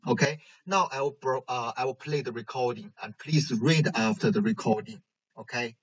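A man teaching a language lesson in English, pausing often with fillers. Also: mid-range voice, slightly rough. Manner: hesitant, many pauses and fillers. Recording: dull lo-fi recording.

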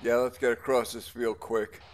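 A man's voice: medium pitch, little pitch movement, moderate pace. A man in a tactical military game's voice chat, calling radio check-ins and giving squad orders.

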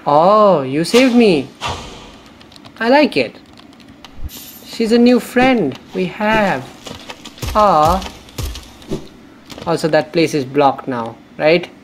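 Excitable young gamer man, unhurried. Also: high voice, a little hiss or hum, poor audio. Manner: excitable, profane, rambling. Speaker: let's play gamer. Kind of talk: casual gameplay commentary.

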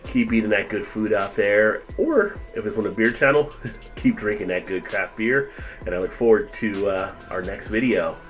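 A man's voice: lowish voice, normal speed, soft background music. Casual man reviewing cheese on camera. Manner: relaxed, chatty, tastes and comments with full mouth. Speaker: food and beer reviewer.

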